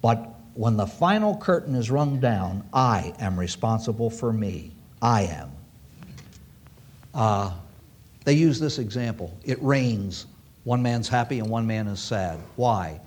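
A man's voice: lowish voice, lively intonation, slow, darkish tone. A man preaching a sermon to an audience, emphatic and repeating key phrases for weight.

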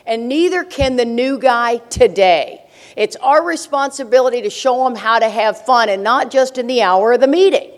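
A woman's voice: fairly high pitch, normal speed. An older woman speaking at a recovery meeting, telling stories with brash, joking humor and frequent laughter. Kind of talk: humorous storytelling talk to an audience.

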